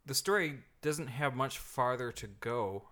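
A man's voice: mid-range voice, lively intonation, measured pace, bright, forceful tone. A man chatting casually on a podcast, musing over a story. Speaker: podcast co-host. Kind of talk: casual chat.

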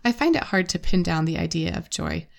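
Low, gravelly-voiced woman co-host. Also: lively intonation. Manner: thoughtful, reflective, quick to laugh. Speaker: podcast co-host. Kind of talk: faith-based conversational podcast.

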